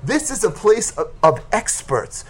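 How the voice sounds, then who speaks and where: A man teaching a Torah class, retelling a story with animated, emphatic delivery. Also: high voice, unhurried, slightly rough.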